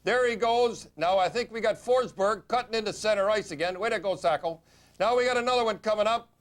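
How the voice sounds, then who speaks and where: A man giving blunt, opinionated, fast-talking hockey commentary in a TV studio segment. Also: sits high.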